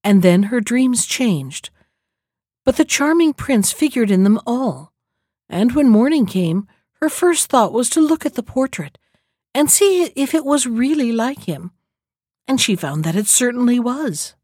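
A woman reading a fairy tale aloud in a calm, measured storybook manner. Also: fairly high pitch, breathy edge, no room sound, clean studio sound.

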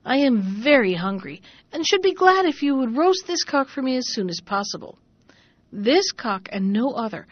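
A woman's voice: on the high side, big pitch swings, normal speed, no room sound. A woman voicing a grumbling, scheming middle-aged man in a raised, blustering, demanding storybook voice, in a dull lo-fi recording.

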